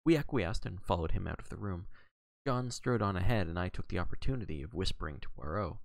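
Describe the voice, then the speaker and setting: A man narrates a classic mystery in the first person, steady and unhurried. His voice is low with a gravelly edge, recorded dry and close with no room sound. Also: no room sound. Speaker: audiobook reader.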